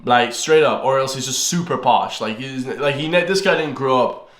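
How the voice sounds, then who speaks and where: A young Irish man hosts a reaction video, ranting heatedly in casual commentary full of fillers and repeated words. His voice is mid-range and fairly bright at a moderate pace, with a reverberant sound.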